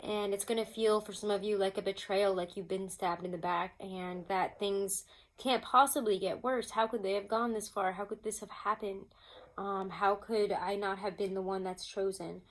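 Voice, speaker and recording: A woman giving a casual tarot reading at home, chatty and expressive, laughing often and throwing in mock-exasperated asides. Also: mid-range voice, normal speed. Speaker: tarot reader.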